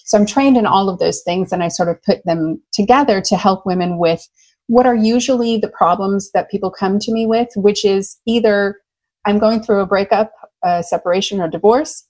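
Woman, love coach, interview guest, enthusiastic, loud, laughs a lot, mid-pitched voice. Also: brisk. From United States. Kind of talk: candid interview storytelling.

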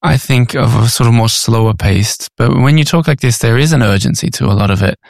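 A man hosting an interview, relaxed and curious, asking his guest questions. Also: medium pitch, brisk, vocal fry, dry recording, clean studio sound. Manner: relaxed, curious, brief prompts. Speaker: podcast host. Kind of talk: conversational interview.

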